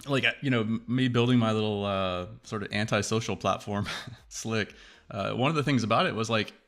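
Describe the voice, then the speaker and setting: A man hosting a casual tech chat, rambling and profane, acting out quoted reactions in a lively way. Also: lowish voice, fairly quick, soft background music. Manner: animated, acts out quoted reactions.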